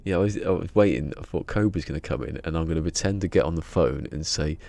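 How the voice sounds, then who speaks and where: A man's voice: a bass voice, fast talker, vocal fry, mellow. A man chatting casually on a live game stream, joking and rambling with frequent laughter.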